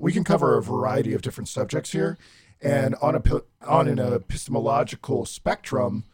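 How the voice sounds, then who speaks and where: A man speaks through a voice-disguising filter that makes him sound processed, over a thick wash of background noise. His delivery is measured and articulate, with careful, formal wording. He sits at a middle pitch as a guest on a casual podcast.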